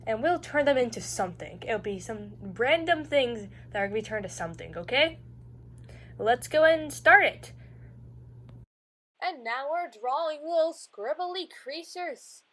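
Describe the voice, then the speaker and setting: A woman's voice: high-pitched, a bit bright. A woman casually narrating what she colors and draws, chatty and rambling, often restarting her sentences. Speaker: art channel creator.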